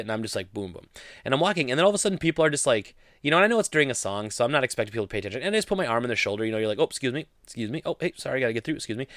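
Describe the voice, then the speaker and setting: Young man, casual vlog storytelling, rapid rambling speech, dry close mic. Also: mid-range voice, no echo. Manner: rambling, animated, lots of "like" fillers. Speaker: vlogger.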